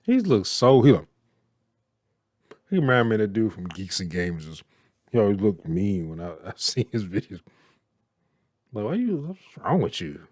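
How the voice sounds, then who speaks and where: A man's voice: fairly low pitch, big pitch swings, moderate pace, long pauses, a little mellow, no room sound, clean studio sound. A man with a Southern American accent giving blunt, profane commentary while reacting to a movie, laughing and mimicking characters.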